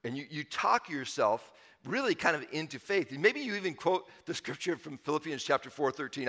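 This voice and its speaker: Bright-voiced male pastor preaching in a hall. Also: a little high, big pitch swings, a little fast. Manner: emphatic, repeats key phrases. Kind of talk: sermon.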